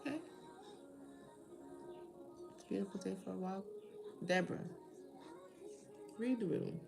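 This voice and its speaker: A woman's voice: mid-range voice, measured pace, gravelly, music in the background. A tired woman hosting a live tarot reading, chatting casually and rambling as she talks to her viewers. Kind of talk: casual live-stream chat.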